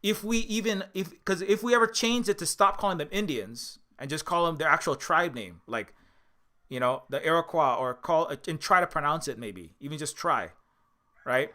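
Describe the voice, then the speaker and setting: A man's voice: on the high side, moderate pace, bright, forceful tone. A man giving casual spoken commentary as a video essayist, impassioned and rambling, with frequent restarts and filler words.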